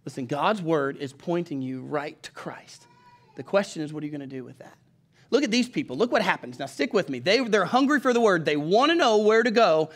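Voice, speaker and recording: A middle-aged pastor with a Southern country accent, preaching a folksy sermon and calling on the congregation to read along with him. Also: male voice, fairly high pitch, expressive, a little fast.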